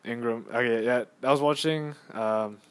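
A young man hosting a casual solo podcast on his phone, rambling and excitable as he tells a story with lots of fillers and restarts. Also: mid-range voice, normal speed, clean tone. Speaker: podcast host.

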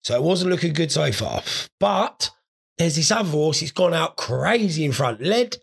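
A man's voice: on the high side, big pitch swings, moderate pace, gravelly, husky. A stoned man hosting a podcast, telling crude, sweary, rambling stories in a casual monologue. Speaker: podcast host.

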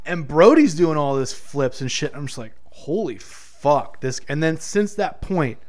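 A man's voice: a little high, normal speed. A man chatting casually about wrestling with friends, telling stories with a lot of swearing and acted-out reactions. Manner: profane, animated storytelling with quoted reactions. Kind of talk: casual chat.

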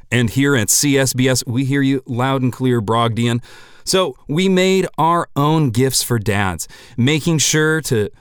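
A man hosting a comedy podcast, delivering a scripted monologue deadpan with sudden loud, mock-indignant bursts. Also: mid-range voice, measured pace, clean tone, no room sound, clean studio sound.

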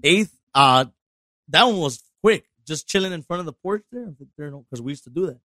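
A man's voice: on the high side, moderate pace, no room sound, clean studio sound. A man telling a story on a podcast, swearing a lot and acting out quotes, switching into now and then. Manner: animated, heavy swearing, acts out quotes. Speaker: podcast guest. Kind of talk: casual storytelling.

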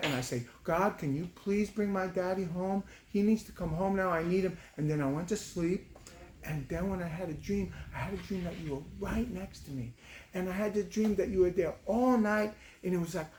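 A man voicing a five-year-old girl who begs her father to come home, in a soft, pleading child voice. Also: high-pitched, pitched above the performer's own voice, close to an everyday voice. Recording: roomy room with faint background noise.

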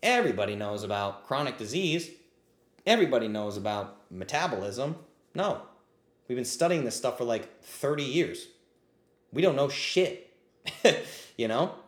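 A man's voice: mid-range voice, very animated, moderate pace. Fired-up man ranting in an echoey room. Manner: impassioned, ranting, blunt and profane; riled up, says he is getting heated. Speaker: podcast host answering live questions. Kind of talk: livestreamed ask-me-anything talk.

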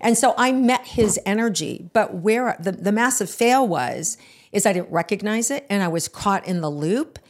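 A woman co-hosting a podcast, telling a story in casual chat, acting out the dialogue and swearing freely. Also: medium pitch. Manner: animated, acts out the dialogue in her story. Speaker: podcast co-host.

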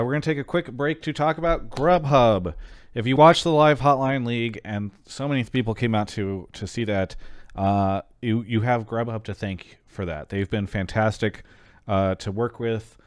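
A man hosting a call-in show, chatting casually and reading a sponsor spot, often trailing off quietly at the ends of sentences. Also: mid-range voice, moderate pace, clear, resonant tone, no room sound, studio quality. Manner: relaxed, rambling, trails off quietly at line ends.

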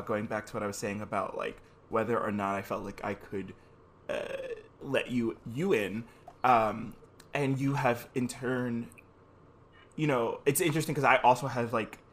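A man's voice: mid-range voice, a little hiss or hum. A man hosting a podcast, speaking in a thoughtful, affirming way with long, flowing sentences. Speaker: podcast host. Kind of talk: reflective conversation.

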